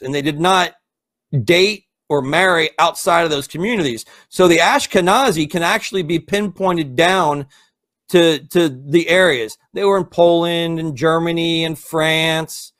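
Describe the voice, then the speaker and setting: A high-pitched man argues hard on a live stream, cursing often and mocking the other side with sarcasm. His voice sits well above most men's, and he talks fast when he gets going. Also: a bit bright. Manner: profane, combative, sarcastic. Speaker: co-host. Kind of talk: heated live-stream debate.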